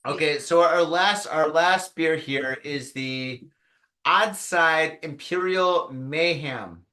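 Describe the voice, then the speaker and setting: A man's voice: on the high side, takes it slowly, pushed and bright. A man hosting a casual live beer tasting show, chatting loosely and telling jokey stories. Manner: loose, joking storyteller who puts on voices for anecdotes. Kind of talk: casual chat. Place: living in Japan. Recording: roomy echo.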